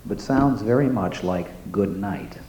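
A man announcing and describing recordings one at a time, in a slow, careful way. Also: lowish voice, expressive, warm tone. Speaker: presenter playing recordings. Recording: roomy with faint ambience.

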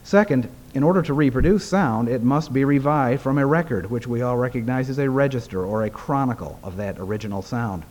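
A man's voice: mid-range voice, darkish tone. Man reading a formal paper. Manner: measured, formal delivery. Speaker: presenter. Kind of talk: reading a prepared paper aloud.

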